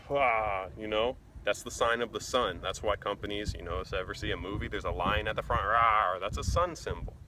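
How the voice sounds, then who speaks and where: A man explaining things casually in a blunt, animated and profane way. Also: lowish voice, background noise. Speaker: vlogger.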